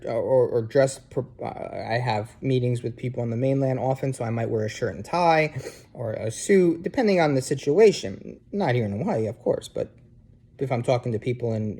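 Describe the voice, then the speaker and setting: A New Jersey instructor with a local accent records a casual lecture for students while sitting on his living room couch at home. His medium-pitched, dark voice stays conversational, constantly checking in with "okay?" and filler "um"s.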